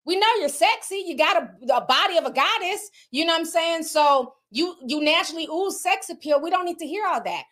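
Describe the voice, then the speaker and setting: A woman's voice: extremely high pitch, animated, brisk, few pauses, fairly bright tone. A woman commentator in casual chat, talking bluntly and with animation, swearing freely.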